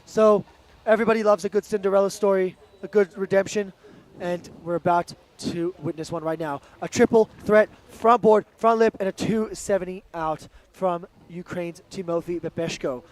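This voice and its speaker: A man commentating live on a sports stream, excitable and joking in quick banter. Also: high-pitched.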